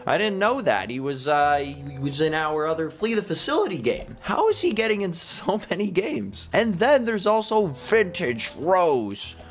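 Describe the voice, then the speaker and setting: A man hosting a gaming video, giving excitable commentary and talking to viewers, with stammered repeats. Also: on the high side, moderate pace, few pauses.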